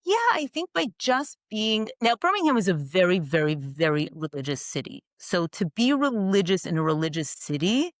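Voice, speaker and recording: Woman, middle-aged, interview guest, animated storyteller, laughs often, dry close mic. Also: on the low side, moderate pace, few pauses, no room sound, rough recording. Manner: animated, laughs often, many you-knows.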